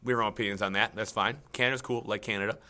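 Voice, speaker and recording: A man teaching a casual, chatty history lesson, talking over slides and breaking into loud mock quotes. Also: fairly low pitch, steady tone, rapid-fire.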